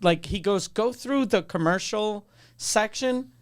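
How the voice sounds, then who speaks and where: Man, podcast co-host, high voice, smooth and clear, rambling, swears a lot. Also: a little slow. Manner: rambling storyteller, swearing freely. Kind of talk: casual chat.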